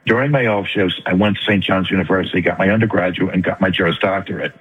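An older retired man with a New York accent, calling in to a radio talk show and making his points fast and earnestly. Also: low-pitched, slightly rough. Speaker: caller. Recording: tinny phone line, long reverb.

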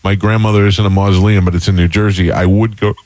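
A man with a low, deep voice hosts a talk radio show in a dry, close studio sound. He chats casually, musing aloud and circling back with restarts. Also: level tone, quick pace, darkish tone, dry recording.

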